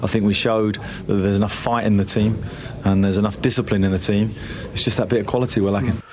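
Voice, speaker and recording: A man speaking as a football manager in an interview clip, his low voice very flat and broken up by filled pauses. Faint clicks can be heard behind him. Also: slight background noise. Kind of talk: interview clip in a news bulletin.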